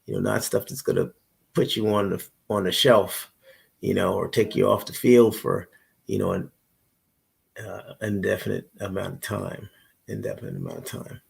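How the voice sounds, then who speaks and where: Gravelly middle-aged man chatting casually. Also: fairly low pitch, lively intonation, moderate pace. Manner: rambling, repeats himself, greets chatters by name. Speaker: livestream host. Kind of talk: casual chat with live viewers.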